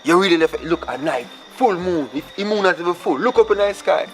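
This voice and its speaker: A man's voice: sits high, expressive, brisk, soft background music, poor audio. A man with a Jamaican accent, indignantly ranting in a comedy sketch.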